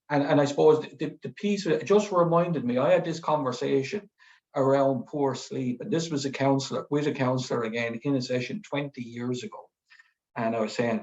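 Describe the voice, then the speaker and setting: A man's voice: medium pitch, darkish tone. Irish man sharing on an echoey call. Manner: halting, restarts, acts out remembered dialogue. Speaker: panellist, manager. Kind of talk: personal sharing on a webinar. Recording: echoey muffled video call.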